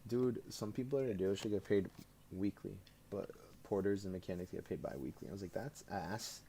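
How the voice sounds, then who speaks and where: Young guy w a really low voice chatting on stream, laughing a lot, faint hiss behind. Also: brisk, creaky. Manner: animated storytelling with frequent laughs. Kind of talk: casual chat.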